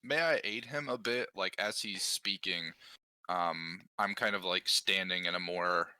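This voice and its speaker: A man playing a tabletop game, describing his character's actions in a hesitant way with many pauses. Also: sits low, pushed and bright, smooth, no echo. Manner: hesitant, full of pauses and fillers. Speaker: player.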